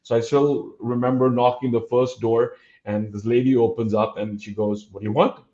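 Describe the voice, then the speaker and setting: A man in his fifties from Dubai, a podcast guest recounting a story at his own mid-height pitch. He slips into the voices of the people he quotes and pauses often on fillers. The recording sounds a little dull and lo-fi. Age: 50s. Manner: animated, acts out quoted dialogue, frequent uh fillers. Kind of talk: storytelling in a casual interview.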